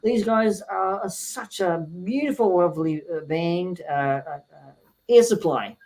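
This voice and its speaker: A man co-hosting a casual music chat, talking excitedly like a promo jingle with lots of fillers. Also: sits high, measured pace, poor audio. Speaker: music show co-host.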